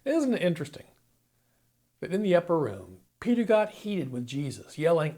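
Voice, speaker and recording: A man's voice: a little high, sing-song, normal speed, dark tone. A man preaching a sermon, retelling a story dramatically and acting out the quoted lines. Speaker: pastor.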